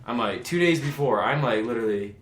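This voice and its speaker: A man's voice: mid-range voice, expressive, fast talker. A young man on a podcast, telling a story with lots of swearing and acting out what others said. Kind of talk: casual storytelling chat. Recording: roomy echo with faint background hum.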